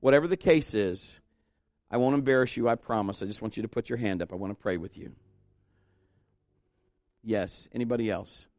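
A man's voice: fairly low pitch, fairly quick, pauses often, a little mellow, dry recording, studio quality. A man preaching a fervent sermon and leading an altar call prayer, exhorting his congregation and rising to emphatic peaks. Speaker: pastor.

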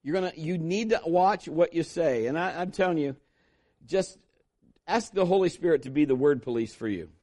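A man's voice: a little high, lively intonation, moderate pace, a little mellow. A man preaching a sermon as pastor, emphatic and repetitive, acting out quoted voices.

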